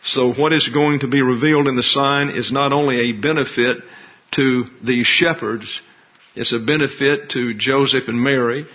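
A male pastor delivering an expository sermon, explaining scripture and its grammar in a deliberate, teacherly way. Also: mid-range voice, steady tone. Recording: dull lo-fi recording.

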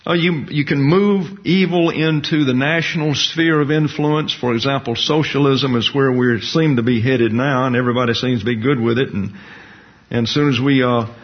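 A man's voice: mid-range voice, steady tone, normal speed. Folksy preaching man, dull lo-fi recording. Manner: folksy, jokey asides with acted-out quotes. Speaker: pastor-teacher. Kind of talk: sermon. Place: church hall with a congregation.

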